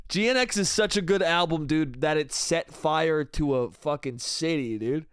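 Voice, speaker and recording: A man's voice: fairly high pitch, measured pace, smooth, no echo, studio quality. A young man hosting a solo comedy podcast, rambling loosely and profanely, calling everyone "dude" and "bro". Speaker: podcast host.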